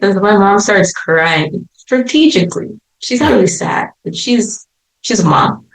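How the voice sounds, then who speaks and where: A woman's voice: medium pitch, a little slow. Young woman telling her story, roomy sound. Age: young adult. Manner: animated, laughs while telling her story. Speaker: podcast guest. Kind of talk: casual storytelling. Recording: roomy echo.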